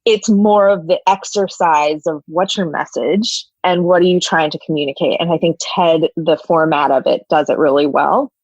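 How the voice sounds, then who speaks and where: A woman with a fairly low voice, chatting as an interview guest in a loose, animated way, her talk full of "like" and "you know". The sound is dry and a bit dull, like lo-fi call audio. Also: moderate pace, hardly any pauses, husky, no echo. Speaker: podcast guest, people and culture officer.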